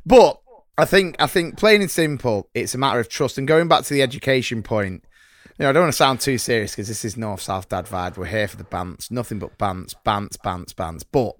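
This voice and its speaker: A man's voice: mid-range voice, lively intonation, fairly quick, no echo. A middle-aged man hosting a podcast, jokey and upbeat, with a presenter's delivery. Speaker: podcast host. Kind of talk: casual chat, show hosting.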